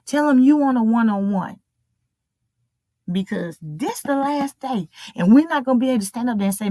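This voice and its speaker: A woman's voice: on the high side, normal speed, warm tone, no room sound. A woman preaching a sermon in an emphatic, repetitive style, drawing out key phrases.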